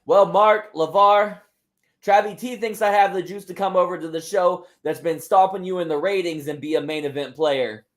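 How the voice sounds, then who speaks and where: Cocky female wrestler promo, loud and crowd-baiting, sprinkled with Spanish shouts; male performer. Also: high voice, steady tone, moderate pace, natural voice. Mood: fired up.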